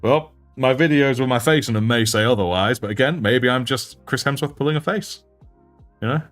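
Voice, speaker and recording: A young British man with a deep voice, chatting in a relaxed, self-mocking way while he hosts a livestream. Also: brisk, faint music behind. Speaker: livestream host and miniature painter. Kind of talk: casual livestream chat.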